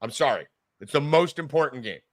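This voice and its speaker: A man hosting a sports podcast, ranting loudly and emphatically with lots of swearing in a heated argument. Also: medium pitch, lively intonation, a little fast, no room sound, clean studio sound. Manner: loud, profane, emphatic ranting. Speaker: podcast host.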